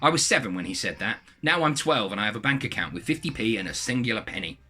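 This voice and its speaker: A man reading a submitted story aloud in a lively, animated way. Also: fairly low pitch, fast, breathy edge.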